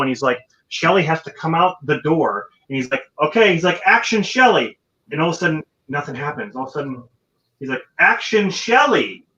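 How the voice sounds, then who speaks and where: A man co-hosting a casual movie podcast, telling behind-the-scenes stories and acting out the quotes. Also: a little high. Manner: animated storyteller, acts out quotes. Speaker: podcast co-host. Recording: dull lo-fi sound.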